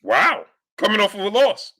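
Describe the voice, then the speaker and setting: A man runs a live boxing show, calling out viewers by name in a high, bright voice. He talks in a hyped, animated way, with his pitch swinging widely up and down. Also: normal speed. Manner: animated, hypes the audience, shouts out chat names. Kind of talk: livestream commentary reading chat.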